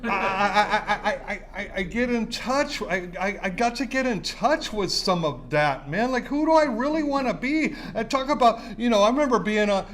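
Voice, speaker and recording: A man's voice: high-pitched, lively intonation, moderate pace, few pauses, fairly bright tone. A middle-aged man, sharing his recovery story at a meeting in an intense, profane, repetitive way. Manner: intense, profane, repeats himself. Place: recovery center meeting room.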